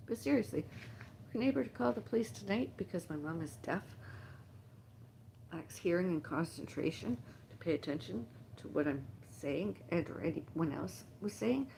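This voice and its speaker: A middle-aged woman hosting a livestream, talking in a halting, emotional, rambling monologue full of repeated lists. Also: lowish voice, expressive, vocal fry, mellow, a little hiss or hum. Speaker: livestream host. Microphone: phone livestream.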